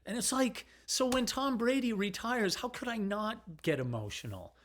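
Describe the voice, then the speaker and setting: A man's voice: high voice, lively intonation, normal speed, fairly bright tone, a little hiss or hum. Middle-aged man rambling frankly to camera. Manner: rambling and digressive, frank and emotional. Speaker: vlogger. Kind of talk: casual rambling monologue.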